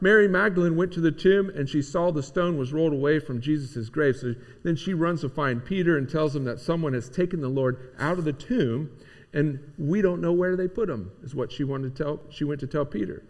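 Guy giving a chatty sermon, kinda high voice, long hall echo. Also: fairly quick. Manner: conversational preaching with many restarts. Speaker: pastor.

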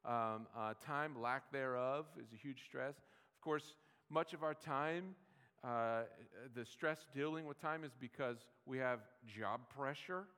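A man's voice: mid-range voice, takes it slowly, a bit bright, clear, resonant tone. A man giving a sermon as pastor, in a conversational, easygoing way with restarts and joking asides. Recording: long hall reverb.

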